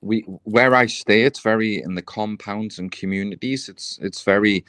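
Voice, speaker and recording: Low-ish guy on a stream call, kinda hedgy, says sort of a lot, dry sound. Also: moderate pace, fairly bright tone, clean tone, dry recording. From South Africa. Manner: thoughtful, hedging with "you know" and "sort of". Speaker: guest on a live stream. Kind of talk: casual chat on a live stream.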